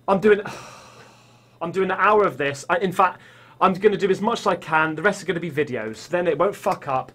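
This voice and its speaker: A man streaming a horror game from home, excitable and swearing a lot as he reacts. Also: sits high, normal speed. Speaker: gaming streamer. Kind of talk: horror let's-play commentary.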